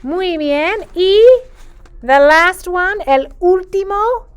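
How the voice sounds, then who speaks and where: A woman teaching a Spanish lesson to preschool children in a sing-song, patient teacher voice, drawing out her phrases. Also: very high voice. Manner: slow, clear and patient. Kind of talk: video lesson for young children.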